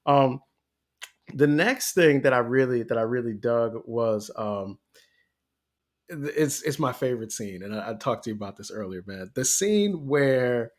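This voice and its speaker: A man co-hosting a podcast, talking casually and getting animated and laughing as he recounts scenes. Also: mid-range voice, a little slow. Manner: animated, laughs often, gets excited. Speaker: podcast co-host.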